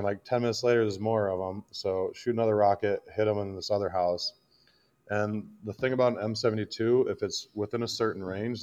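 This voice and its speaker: Deep-voiced, profane veteran storyteller man. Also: darkish tone, highs cut off. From Iowa, United States. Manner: profane, blunt war storytelling. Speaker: guest, combat veteran. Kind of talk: casual storytelling in a podcast interview.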